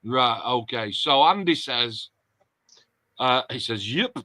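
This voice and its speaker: A chatty man hosts a casual livestream and reads out viewer comments. His voice is bright and forward, and he sounds close and dry. He keeps a middle pitch and an easy, joking manner. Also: animated, slow pace, no room sound. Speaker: host.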